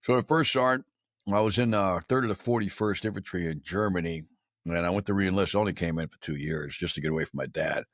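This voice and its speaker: A low voice at a quick pace comes through clean, echo-free studio sound. A military veteran in his sixties, guesting on a podcast, tells stories casually in a blunt, profane, slangy style, calling people "man" and "dude".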